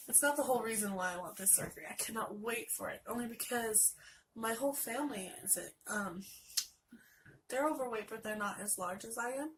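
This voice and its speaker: A fairly high-voiced woman in her late twenties chats to her camera, congested with a sinus infection. She rambles through a story and acts out the people in it. A faint room hum sits under her voice. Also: moderate pace, a bit bright, poor audio. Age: late 20s. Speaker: vlogger.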